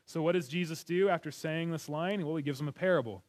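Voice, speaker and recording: A man's voice: fairly high pitch, fast, a little mellow. A man preaching a sermon as a pastor, talking to his congregation in an earnest, conversational way. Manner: conversational, earnest, with restarts and light laughs.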